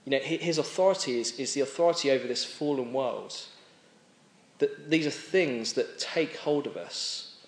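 Male preacher, mid-pitched, chatty and unpolished, with some restarts, roomy echo. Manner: conversational, with frequent restarts and pauses. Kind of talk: sermon. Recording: echoey room.

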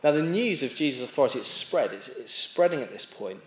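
A man's voice: medium pitch, expressive. Conversational male preacher in an echoey room. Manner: conversational, with frequent restarts and pauses. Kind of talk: sermon.

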